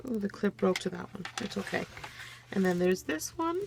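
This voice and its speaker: A woman hosting a crafting channel, casually showing off a gift package, gushing over every item and talking straight to viewers. She sounds a bit low on energy as she comes down with a cold, recording at her craft desk at home. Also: lively intonation, moderate pace, gravelly, noisy background. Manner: gushing, keeps addressing viewers as "you guys". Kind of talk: casual show-and-tell unboxing.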